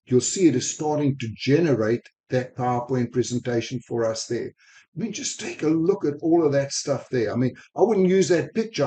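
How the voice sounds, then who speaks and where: Fast-talking man with mixed South African accent. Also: medium pitch, mellow. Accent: mixed South African, Spanish and American. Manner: quick, enthusiastic talk. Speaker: sales technology speaker. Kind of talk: screen-recorded software walkthrough. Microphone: desk microphone while screen recording.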